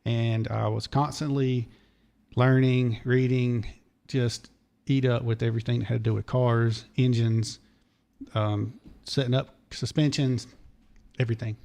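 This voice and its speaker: Hoarse man telling long stories. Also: medium pitch, level tone, unhurried, a little mellow. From Charlotte area, North Carolina. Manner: digressive, detail-heavy storyteller. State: hoarse, losing his voice. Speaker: podcast guest, former race mechanic. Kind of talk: long rambling story told in casual chat.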